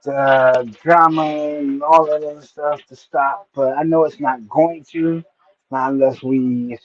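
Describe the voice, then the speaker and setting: A man in casual stream chat who talks haltingly and gropes for his words. His voice sits at a middling pitch. The recording is dull and lo-fi. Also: fairly even intonation, dry recording. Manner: hesitant, searches for words. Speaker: streamer co-host.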